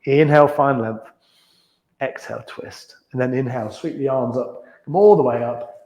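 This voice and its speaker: A man teaching a gentle beginners yoga class, calmly cueing breaths and movements and chuckling now and then. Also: medium pitch, normal speed. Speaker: yoga instructor. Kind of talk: guided yoga class instruction. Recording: echoey room.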